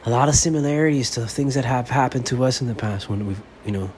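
A man's voice: medium pitch, quick pace, darkish tone. A man hosting his own sports fan podcast, delivering a profane, fired-up monologue. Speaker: podcast host. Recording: faint background noise.

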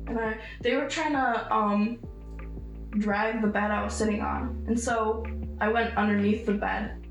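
A woman's voice: mid-range voice, steady tone, unhurried, highs cut off. A young woman recounting her own hard experiences in an interview, getting emotional and acting out how she pleaded. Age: young adult. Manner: emotional, acts out pleading voices in her story. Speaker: survivor interviewee. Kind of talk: personal storytelling. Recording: echoey room with faint music.

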